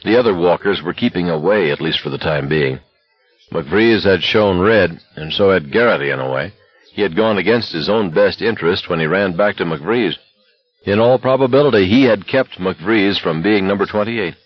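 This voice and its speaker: A man narrates a novel in a very deep, slightly husky voice with a steady, even delivery. The recording is dry and dull, with a lo-fi sound. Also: normal speed, no room sound. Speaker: audiobook narrator.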